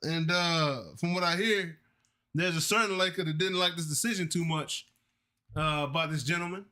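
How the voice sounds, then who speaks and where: A man co-hosting a casual sports talk show, talking in an excited, emphatic, folksy way. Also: a little high, normal speed. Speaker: co-host.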